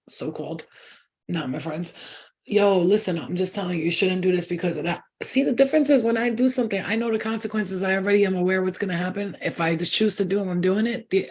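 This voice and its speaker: A woman's voice: mid-range voice, darkish tone, husky. A woman hosting a spiritual channel, talking in a casual, rambling monologue that is blunt, profane and emphatic.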